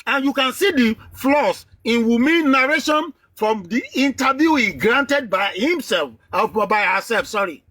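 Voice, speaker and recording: Very high, bright, husky man. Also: animated, measured pace, hardly any pauses, dry recording. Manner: emphatic, lecturing, repeats key phrases. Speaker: debate participant. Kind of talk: heated online live debate.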